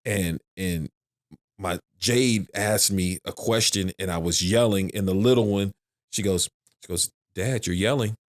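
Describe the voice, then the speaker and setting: A man's voice: low-pitched, unhurried. A middle-aged man in casual podcast chat, rambling and repeating himself, swearing now and then. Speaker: podcast guest.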